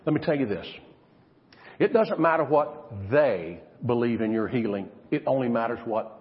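Male pastor, mid-pitched, animated dramatic sermon delivery; dull recording in a reverberant hall. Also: moderate pace. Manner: dramatic preaching, swinging from loud to hushed.

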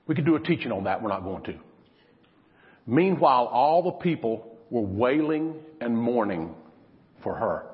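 A man preaching a sermon, swinging between loud, emphatic lines and hushed, drawn-out ones. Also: medium pitch, sing-song. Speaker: pastor. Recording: lo-fi recording in a reverberant hall.

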